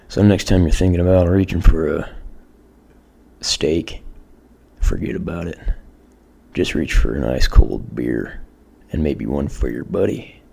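A man voicing a mock beer commercial announcer, delivering a deadpan, mock-serious sales pitch. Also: measured pace, creaky, long pauses, slightly rough, heavily acted. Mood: mock-macho. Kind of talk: parody radio ad.

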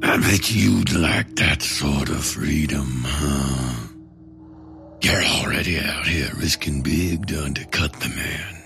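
A man doing a gravelly, sinister masked rider. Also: extremely low pitch, slow pace, bright, forceful tone, soft background music, pitched below the performer's own voice, exaggerated voice. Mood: menacing. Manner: drawling, taunting, smug. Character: menacing masked male rider, sly and cruel.

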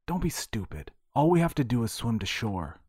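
A man voicing a flustered young male hero who speaks in a wry, hurried way, in audio fiction. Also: medium pitch, big pitch swings, darkish tone, slightly rough, dry recording, clean studio sound, pitched above the performer's own voice.

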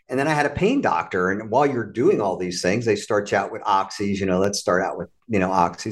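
Man, interview guest, animated storytelling, mid pitch, quotes people in character. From United States. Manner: animated, acts out quoted voices. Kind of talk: conversational storytelling.

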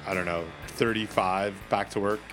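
A man's voice: on the low side, fairly even intonation, normal speed, over music. A man co-hosting a podcast from his office, talking in a rambling, playful way that keeps stopping and restarting. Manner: rambling, self-interrupting, playful. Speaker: podcast co-host. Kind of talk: casual chat.

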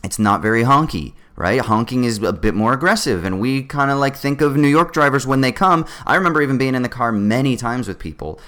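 Animated man, swearing freely. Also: medium pitch, fairly quick, hardly any pauses. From Southern California. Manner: animated, swears freely, acts out other drivers. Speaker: podcast co-host. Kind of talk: casual podcast chat.

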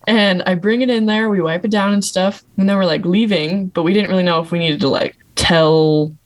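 A young adult woman, a nurse, chatting casually on a podcast, bubbly and quick to laugh as she acts out what people said. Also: lowish voice, fairly even intonation. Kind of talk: casual storytelling chat.

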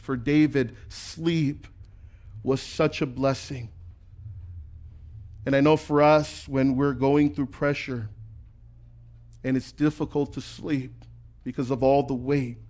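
Speaking in a mid-range voice, this pastor preaches with animated, conversational energy. He voices the people he quotes and keeps repeating words to drive his point home.

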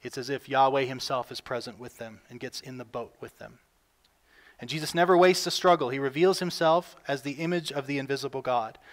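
A man preaching a sermon as pastor, earnest, with his voice lifting and getting louder when he reads scripture aloud. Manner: earnest, rises in pitch and volume when reading scripture.

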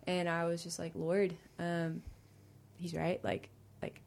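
A woman's voice: on the low side, monotone, slow, vocal fry, a little mellow. A woman guest on a podcast sharing her personal faith testimony, rambling with many fillers and restarts, emotional and laughing through near tears.

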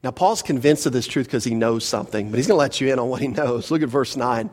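A pastor preaching an expository sermon to his congregation, emphatic and full of rhetorical questions, often dropping to a softer voice. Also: medium pitch, quick pace. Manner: emphatic, rhetorical questions, drops to soft asides.

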